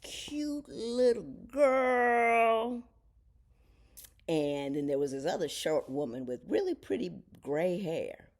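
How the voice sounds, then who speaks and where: A woman's voice: normal speed, hardly any pauses. A middle-aged woman, a television judge, telling a casual story at home and acting out the people she quotes. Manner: animated storyteller, voices quoted people with big pitch jumps. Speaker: television judge turned podcaster.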